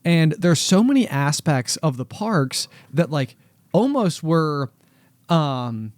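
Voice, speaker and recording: A man in his thirties co-hosts a podcast, chatting casually and rambling with plenty of fillers and restarts. His voice is fairly high and very animated, and he speaks slowly. The recording is dry and clean, with studio sound.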